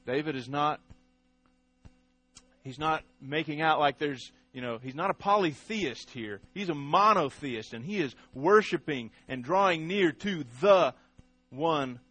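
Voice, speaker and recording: A man's voice: fairly high pitch, unhurried, fairly bright tone, dry recording. A man preaching a sermon, stressing single words, repeating himself and putting questions to the congregation. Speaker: pastor. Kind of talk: sermon teaching.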